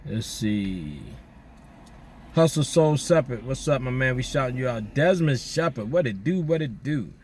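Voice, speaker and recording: Laid-back slangy man doing shout-outs. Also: mid-range voice, moderate pace, a little hiss or hum. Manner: relaxed slangy banter with listeners. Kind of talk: casual chat. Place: outdoors at night.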